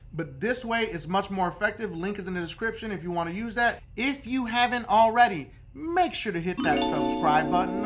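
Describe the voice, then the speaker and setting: A man's voice: high-pitched, fairly bright tone. A man coaching viewers on credit repair in a casual instructional video, talking emphatically and checking in with the viewer over and over.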